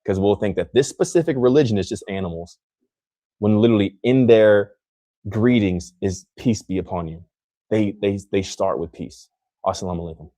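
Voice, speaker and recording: A man's voice: fairly low pitch, normal speed, dark tone, no echo. A young man from the United States hosting a podcast, rambling in casual chat and filling his talk with "like". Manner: rambling, heavy use of "like". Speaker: podcast host.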